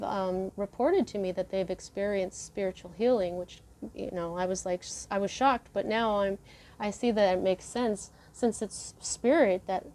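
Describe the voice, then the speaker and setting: She is a woman with a voice of ordinary pitch who talks her viewers through a tarot reading. She is earnest and chatty, and she rambles along in a loose, personal way. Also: darkish tone. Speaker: tarot reader. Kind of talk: casual spoken tarot reading.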